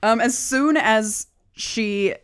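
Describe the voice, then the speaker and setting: A woman narrating a tabletop game as game master, describing scenes in an unhurried, descriptive way. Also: on the high side, smooth.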